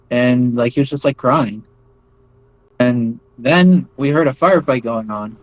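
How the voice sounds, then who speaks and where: An American man in a relaxed interview, telling his story in a loose, wandering way with lots of "like" and false starts. His voice sits at an ordinary middle pitch. The sound is dry and close, with no room echo. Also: a little slow. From United States. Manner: rambling, many fillers and restarts. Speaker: interview guest recounting experiences. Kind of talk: casual spoken storytelling.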